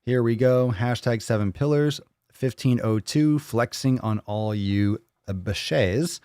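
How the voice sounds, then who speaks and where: A man's voice: mid-range voice, slow, mellow, clear, resonant tone, dry recording, clean studio sound. A man hosting a fitness livestream in casual chat, playful and loose, swearing and repeating phrases in a sing-song way. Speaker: fitness show host.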